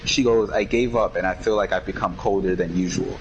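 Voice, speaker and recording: A man's voice: low-pitched, steady tone, brisk, muffled recording, slight background noise. A man in casual chat, laid-back and slangy, retelling conversations line by line. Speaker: podcast co-host.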